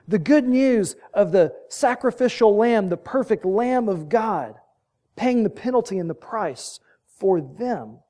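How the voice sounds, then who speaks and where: A man's voice: high voice, darkish tone. A man preaching a sermon, telling the story vividly and building to emphatic peaks.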